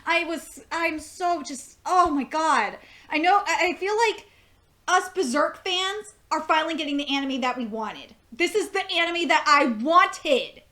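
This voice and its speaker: A woman's voice: high-pitched, animated, measured pace, sharp tone. A young woman reviewing an anime episode in casual chat, gushing and swearing a lot, often restarting her sentences.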